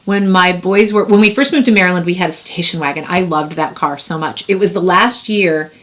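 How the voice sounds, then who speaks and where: A middle-aged woman co-hosting a podcast in casual chat, chatty and quick to laugh. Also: on the low side, a bit bright. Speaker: podcast co-host.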